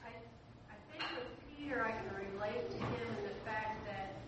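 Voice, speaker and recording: A woman's voice: on the high side, a little slow. A woman in a Bible study group, sharing reflectively about herself. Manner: reflective, personal. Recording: distant, echoey, noisy room.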